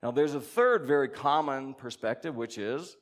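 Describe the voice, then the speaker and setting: A man teaching a congregation in a conversational sermon, reading scripture aloud and musing with animated asides. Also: mid-range voice, normal speed. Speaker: pastor or Bible teacher.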